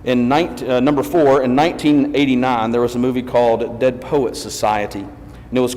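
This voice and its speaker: Brief: male preacher, mid-pitch, folksy storytelling, roomy church reverb. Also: steady tone, normal speed, a little mellow. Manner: chatty, anecdotal, repeats himself. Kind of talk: storytelling sermon. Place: church sanctuary. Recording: long church hall reverb.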